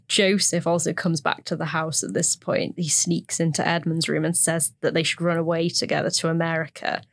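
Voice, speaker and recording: A woman's voice: deep voice, flat delivery, moderate pace, gravelly, dry recording. Chatty woman podcast host, dry sound. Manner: laughs often while recounting scenes. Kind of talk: casual chat.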